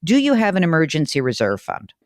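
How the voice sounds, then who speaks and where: A woman's voice: sits low, wildly swooping pitch, fast, a little mellow, dry recording, studio quality. Blunt, emphatic woman radio host. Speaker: radio money show host. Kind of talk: casual call-in talk.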